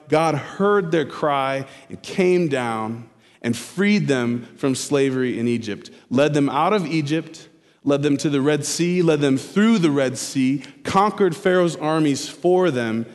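Man preaching in a reverberant hall. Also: fairly high pitch. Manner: expository preaching, repeats key phrases slowly for emphasis. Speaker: pastor. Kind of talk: sermon.

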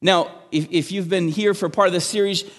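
High-voiced man preaching in a reverberant hall. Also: brisk. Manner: animated, emphatic preaching with restarts. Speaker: pastor. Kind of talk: sermon. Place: church.

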